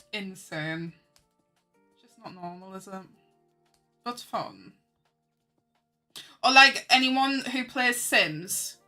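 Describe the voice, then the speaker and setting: A woman's voice: medium pitch, expressive, drawn-out words, long pauses, pushed and bright, soft background music. Chatty young woman streamer. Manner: chatty and self-mocking, laughs often, answers chat. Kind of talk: casual chat while drawing on stream.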